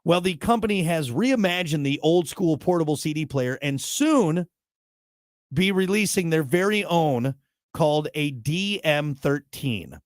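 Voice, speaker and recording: Talk host, slightly high voice, blunt and ranty, dry close sound. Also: male voice, animated, measured pace, no room sound. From United States. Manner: blunt, worked-up ranting with jokey asides. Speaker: show host. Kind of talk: talk show monologue.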